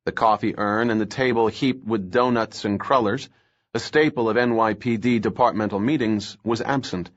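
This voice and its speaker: A man narrating a thriller audiobook in a steady, measured reading voice. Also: fairly low pitch, muffled recording.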